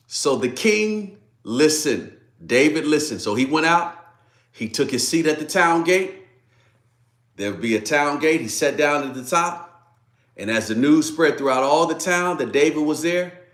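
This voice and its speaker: A man preaching a daily devotional sermon, emphatic and swinging from loud declarations to hushed asides. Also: on the high side. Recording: roomy echo.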